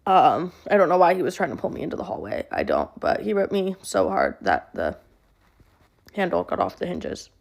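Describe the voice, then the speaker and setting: A young woman telling a personal story to camera in a flat monotone, halting and full of fillers. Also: lowish voice, creaky. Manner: halting, with many fillers and restarts. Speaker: social media creator.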